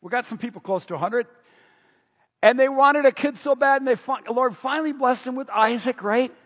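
A man preaching a sermon in an energetic, emphatic way, moving between loud stresses and quiet asides. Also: very high voice, brisk. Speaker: pastor. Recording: dull, echoing hall sound.

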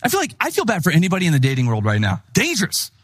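A middle-aged male pastor preaching a sermon, with a slightly high voice and a lively, chatty delivery. His pitch swings a lot as he acts out the people he quotes. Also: racing, slightly rough.

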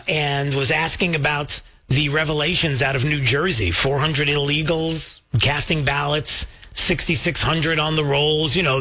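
A man's voice: on the high side, sharp tone. A man hosting casual political commentary, full of fillers and asides to his viewers. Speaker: host.

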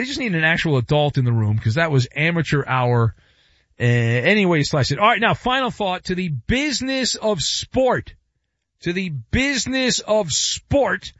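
A man's voice: fairly high pitch, a bit bright, no room sound, dull audio. A man hosting a sports talk show, delivering a sarcastic, wisecracking monologue. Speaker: sports radio host.

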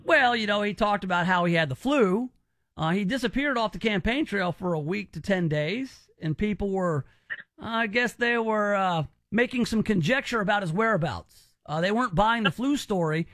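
A man's voice: high voice, animated, moderate pace, a bit bright, no echo. A male radio host running a call-in game, teasing and bantering with energy.

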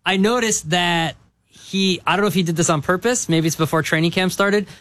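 Male sports talk co-host, slightly higher voice, chatty and emphatic, dry close mic. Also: fairly quick, a bit bright, no room sound. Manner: conversational, repeats points for emphasis.

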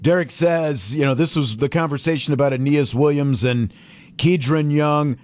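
Male sports radio host, a bit high-pitched, animated and sarcastic. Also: normal speed, dry recording. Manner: animated, mildly sarcastic, rambling. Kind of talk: casual sports talk.

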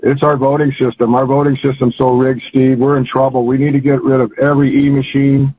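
A man's voice: medium pitch, level tone, fairly quick, slight background noise. An older man calling in to a radio show, talking in a rambling, folksy, emphatic way over a phone line. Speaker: caller. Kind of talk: call-in radio chat.

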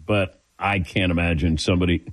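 This is a middle-aged Midwestern sports talk radio host, relaxed and storytelling with the occasional chuckle. He has a deep voice, fairly even intonation, and talks a little fast. A studio microphone records him with no echo.

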